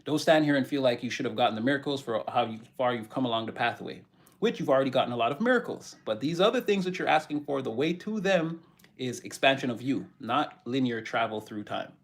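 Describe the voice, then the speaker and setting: A man's voice: medium pitch, expressive, fast talker. A man giving a channeled spiritual tarot reading who keeps repeating his key phrases for emphasis. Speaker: tarot reader.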